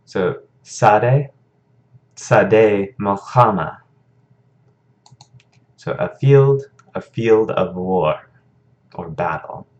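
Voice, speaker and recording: A man's voice: lowish voice, very slow, pauses often. A man teaching a recorded lesson, explaining patiently and checking in with frequent "okay"s.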